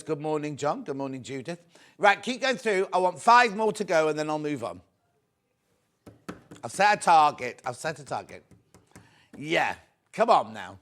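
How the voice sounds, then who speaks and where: Man, shopping channel host, somewhat high voice, chatty upbeat sales patter, keeps urging viewers. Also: a bit bright. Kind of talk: live TV selling chat.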